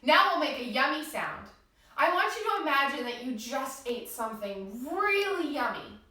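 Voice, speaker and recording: A woman's voice: high-pitched, very animated, normal speed, sharp tone, very echoey, far from the mic. A woman leading a yoga class for small children in a cheerful, sing-song way, talking straight to the kids. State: out of breath after dancing.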